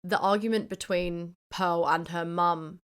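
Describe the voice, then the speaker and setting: A young woman from the UK co-hosting a film podcast in casual chat, playful and quick to laugh. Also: fairly low pitch, steady tone, fairly bright tone, smooth. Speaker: podcast co-host.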